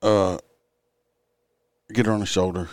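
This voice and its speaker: A man's voice: sits low, steady tone, measured pace, clear, resonant tone, dry recording, studio quality. An older man, a police officer, telling a traffic stop story in a blunt, profane, rambling way, tired and yawning. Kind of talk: casual storytelling.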